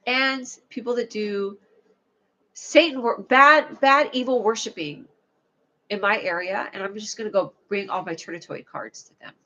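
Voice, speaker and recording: A woman's voice: medium pitch, fairly bright tone. A woman hosting a casual livestream chat, rambling playfully and answering viewers' comments. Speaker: livestream host. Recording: lo-fi, dull sound.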